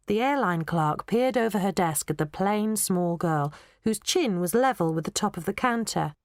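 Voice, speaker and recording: A woman narrating a children's audiobook in an expressive storytelling manner, close to a studio mic. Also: lowish voice, moderate pace, no room sound. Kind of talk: scripted narration.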